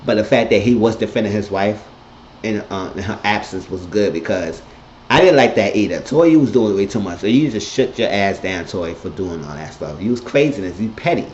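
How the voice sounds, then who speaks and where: Low-voiced man giving a blunt recap. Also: fairly quick, slight background noise. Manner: animated, blunt, profane storytelling. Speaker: TV episode reviewer. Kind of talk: casual recap monologue. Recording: echoey, dull lo-fi room sound.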